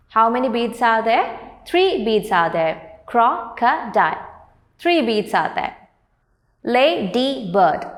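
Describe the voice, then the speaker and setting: Woman teacher in an echoey room. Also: fairly high pitch. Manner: slow, drawn-out modelling of words for pronunciation. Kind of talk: online class lesson. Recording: echoey room with long reverb.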